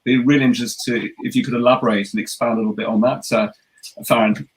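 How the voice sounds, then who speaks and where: Brief: male interviewer, mid-pitched voice, polite, hesitant, lots of fillers. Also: steady tone, quick pace, poor audio. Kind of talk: interview questions.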